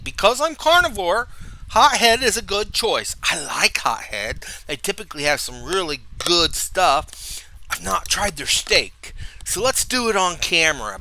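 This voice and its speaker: A middle-aged man rambles through a home podcast in a high, bouncy voice with a sharp, bright edge. He is goofy and excitable and keeps laughing at himself, recorded on a camera mic with a faint hiss and the odd click behind him. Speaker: podcast host. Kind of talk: rambling self-mocking podcast chat. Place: home room.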